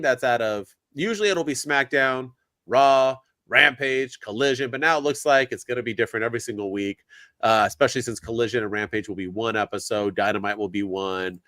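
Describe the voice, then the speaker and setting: A man's voice: medium pitch, a little fast, fairly bright tone, no room sound. An upbeat man with a mid-range voice leads the segments of a casual podcast. He talks emphatically and steers the conversation along. His voice is recorded dry and close. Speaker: podcast co-host. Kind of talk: casual wrestling review chat.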